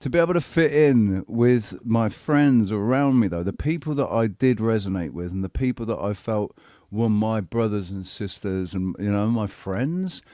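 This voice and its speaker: A man co-hosting a casual podcast, telling stories in an animated, sweary way. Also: on the low side, normal speed, no echo, studio quality. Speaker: podcast co-host. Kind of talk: casual chat.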